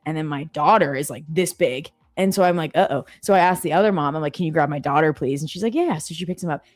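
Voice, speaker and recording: Lively lower-voiced woman telling stories. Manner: animated storyteller, acts out voices. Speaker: co-host. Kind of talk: casual chat.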